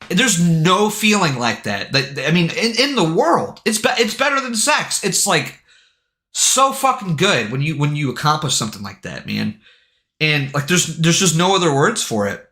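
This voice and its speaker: A man streaming live, telling a story in an excitable way, full of swearing and filler words. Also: sits high, moderate pace. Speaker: game streamer. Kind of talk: casual livestream storytelling. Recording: echoey room.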